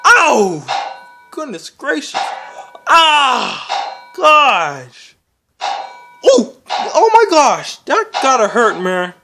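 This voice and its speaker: A performer voicing a hot-tempered puppet hand who comments on a video game in character, yelling insults and exasperated questions. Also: sits high, sing-song, drawn-out words, exaggerated voice. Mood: raging. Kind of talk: comedic gameplay commentary in character. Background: video game music.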